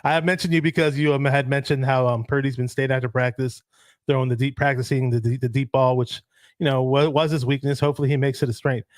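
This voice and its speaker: A man hosting a sports talk show, chatting in a relaxed way and reading out viewer comments. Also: medium pitch, fast, no echo, studio quality. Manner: relaxed, many ums and restarts. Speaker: podcast host.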